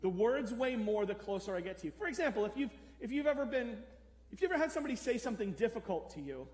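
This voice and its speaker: A pastor preaches a sermon in an echoey church hall, speaking conversationally and posing questions to the congregation. His voice is extremely high with big pitch swings and a darkish tone, and he talks fast.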